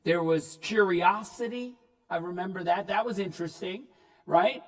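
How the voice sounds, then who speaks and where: A man giving a comedic keynote talk, telling stories in an animated way and shouting punchlines. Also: sits high, moderate pace, distant mic. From Newfoundland, Canada. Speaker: keynote speaker. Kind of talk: comedic storytelling speech. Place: large hall before an audience. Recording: reverberant hall, speaker off-mic.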